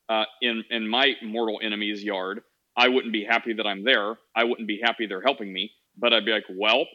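Man, podcast host, casual chat, rambling with fillers, bright tone, dull lo-fi sound. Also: lowish voice. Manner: rambling, many fillers and restarts.

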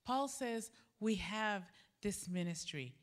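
A middle-aged woman delivers a sermon with a mid-pitched voice. She tells personal stories in an animated way, jumping up in pitch as she acts out the people in them. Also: takes it slowly. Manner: animated, acts out quoted dialogue with jumps in pitch. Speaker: preacher at a women's gathering.

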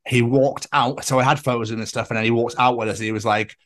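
A man's voice: medium pitch, steady tone, fast talker, fairly bright tone. A man co-hosting a podcast, telling a long story in casual chat and acting out what people said. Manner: chatty storyteller, acts out quotes. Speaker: podcast co-host.

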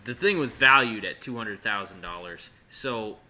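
A man's voice: on the low side, normal speed, sharp tone. A man in casual podcast chat, joking and rambling with frequent restarts.

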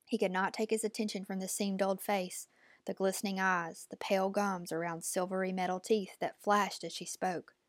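A woman narrating an audiobook at a measured, steady pace. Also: medium pitch, no room sound, clean studio sound.

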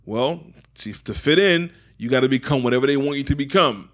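Chill guy, american accent tho he grew up in england, talks easy and thoughtful, average pitch. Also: fairly quick, a bit bright. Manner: laid-back, reflective, peppers talk with "man". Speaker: podcast guest, poet and entrepreneur. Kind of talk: casual conversational interview.

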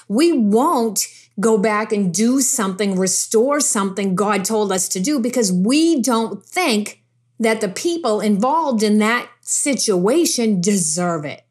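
A woman preaches emphatically yet conversationally, repeating phrases for stress and dropping casual asides between scripture readings. Her voice is a little high, with a breathy edge.

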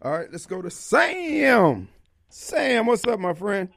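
A man hosts call-in radio, blunt and opinionated. His pitch swings widely as he talks. The studio sound is close and dry, with no room around him. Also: big pitch swings, slow, creaky, a bit bright, dry recording. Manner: blunt, opinionated, laughs easily. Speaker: radio talk show host.

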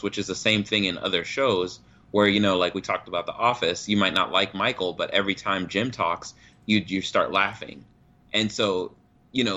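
Brief: male co-host, deep but bright voice, laid-back explaining. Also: muffled recording. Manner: relaxed, explains with examples and "you know". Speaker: podcast co-host. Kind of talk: casual chat.

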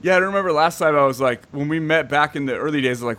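A man's voice: medium pitch, lively intonation, fast talker, few pauses, a bit bright. A man hosting a podcast, chatting loosely, laughing often and swearing casually. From US East Coast. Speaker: podcast host. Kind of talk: casual chat.

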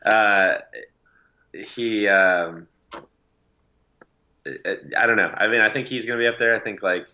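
A man's voice: fairly low pitch, fairly even intonation, unhurried, long pauses, dull audio. A man co-hosting a casual sports podcast, agreeable and chatty. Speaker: podcast co-host.

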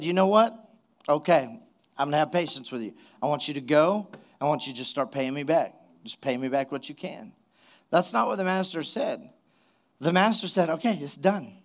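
A man preaching a sermon as a pastor, emphatic and full of rhetorical questions to the congregation. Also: high voice.

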